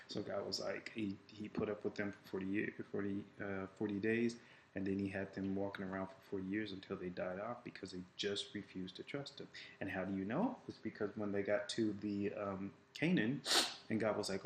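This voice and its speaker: Man, informal faith teaching, low pitch, echoey room, light background noise. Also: fairly even intonation, normal speed. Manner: casual, retells scripture with quoted voices; many fillers and restarts. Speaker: life coach. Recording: echoey room with faint ambience.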